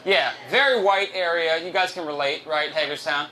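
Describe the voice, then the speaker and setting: A man's voice: on the high side, normal speed, pushed and bright, slight background noise, low-quality recording. A man doing a stand-up comedy set at a live venue, loose, profane and self-mocking, on a handheld stage mic.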